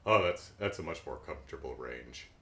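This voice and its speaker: A middle-aged man with a deep voice, hosting a casual, keyed-up reaction commentary on a cartoon. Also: brisk, echoey room. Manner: animated, keyed-up, jumps into silly voices. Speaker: podcast host.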